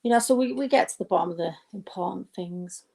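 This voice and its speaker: A woman's voice: mid-range voice, quick pace, gravelly, darkish tone. A middle-aged woman performing a rambling, self-mocking stand-up set from home into a laptop mic. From United Kingdom. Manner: chatty, rambling, self-mocking with frequent asides. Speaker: stand-up comedian. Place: home during lockdown. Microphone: webcam or laptop mic.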